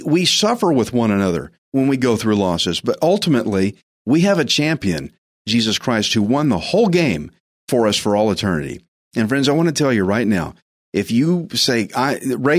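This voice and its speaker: A man hosting a faith program, preaching in an earnest, urging way and repeating his phrases. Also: mid-range voice. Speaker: host, preacher. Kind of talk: sermon-style radio devotional.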